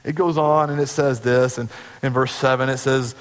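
A pastor preaching a sermon to his church, earnest and conversational, sometimes dropping to a hush. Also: medium pitch, fairly even intonation, moderate pace, long reverb tail.

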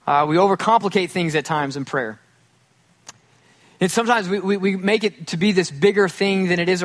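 A male pastor with a fairly high voice gives a chatty, conversational sermon. He often acts out the voices of the people he quotes, and he slips in self-deprecating jokes. His delivery stays relaxed and easy.

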